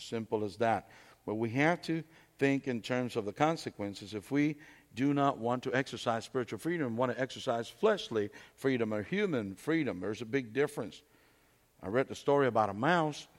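A man preaching a sermon in a conversational way, telling stories and asking rhetorical questions in a church hall. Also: medium pitch. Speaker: pastor. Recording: long hall reverb.

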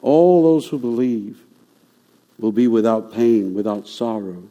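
A male pastor delivering a sermon with a dark, mellow tone. He moves from chatty asides with the congregation to rising, emphatic repetitions. His voice carries a long reverb from a church sanctuary. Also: medium pitch, lively intonation, unhurried. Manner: conversational preaching, rising to emphatic declarations.

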